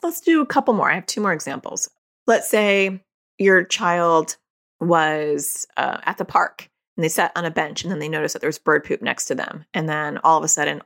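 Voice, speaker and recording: A woman's voice: sits low, fairly bright tone. A woman hosting a podcast, explaining in a casual conversational way and acting out dialogue in quoted voices. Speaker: podcast host; parent.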